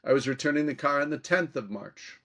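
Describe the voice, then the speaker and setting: This man's voice sits a touch higher than most. He talks chattily as a guest, spinning anecdotes and playing out both sides of the conversations he recalls. His pace moves along loosely with asides and restarts. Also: a little fast, fairly bright tone. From Minnesota. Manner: chatty, anecdotal, acts out quoted exchanges. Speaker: political commentator, guest. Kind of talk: storytelling interview talk.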